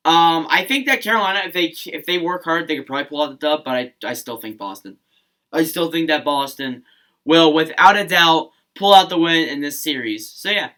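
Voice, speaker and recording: A young man talks through a hockey matchup in a loose, casual vlog, often stopping mid-sentence to restart. His voice sits a little high and sounds bright and forward. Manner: rambling, frequent restarts and self-corrections. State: hiccuping. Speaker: hockey channel host. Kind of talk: casual sports vlog commentary.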